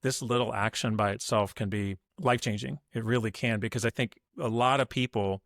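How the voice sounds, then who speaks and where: A man's voice: medium pitch, fairly even intonation, a little fast, a bit bright, no room sound, clean studio sound. A man speaking as a podcast guest in an upbeat, motivational way, acting out what people say. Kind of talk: conversational interview.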